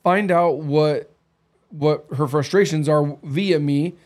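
A man in his thirties talks in an easy, candid podcast chat, on the higher side for a man. He rolls through stories with lively swings in his voice and acts out quoted lines along the way. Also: slow. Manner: candid, animated storytelling with acted quotes. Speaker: podcast co-host. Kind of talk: casual chat.

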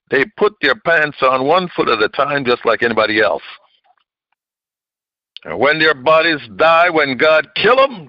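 A man preaching a sermon in an emphatic, call-and-response style, tossing questions out to his listeners. His voice sits at an ordinary middle pitch. The recording is dry and a little dull, as if captured on modest gear. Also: no echo.

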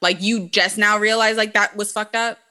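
Woman, co-host, bright tone, casual chat, blunt, profane. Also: mid-range voice, steady tone, normal speed. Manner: blunt and profane, heavy use of "like".

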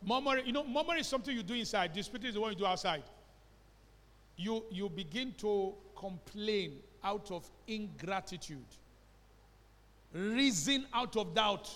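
Man, Nigerian accent, pastor, emphatic sermon, fairly high voice, lingering hall reverb. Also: lively intonation, normal speed, fairly bright tone. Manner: emphatic preaching with call-and-response questions; slips into Pidgin phrases. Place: church hall.

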